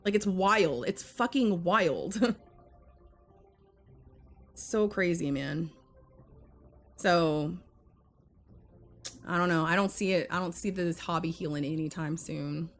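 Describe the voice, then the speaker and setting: A young woman live-streaming while she games and chats with her viewers, muttering one moment and breaking into loud outbursts the next, with a cough that keeps coming back. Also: fairly low pitch, slow, pauses often. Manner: excitable, swings between muttering and loud outbursts. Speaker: gaming streamer.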